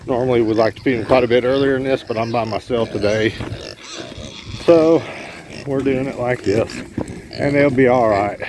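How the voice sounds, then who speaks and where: This homesteader vlogger, a middle-aged man with a medium-pitched voice, talks at normal speed and pauses often while doing farm chores outside. He rambles casually with many fillers, and the noisy handheld camera audio catches animals and a vehicle nearby.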